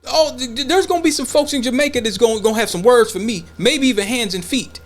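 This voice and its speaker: Talking fast with hardly any pauses, this podcast co-host has a very high voice. He's animated, blunt and profane in casual opinion talk, playing out imagined conversations as he goes.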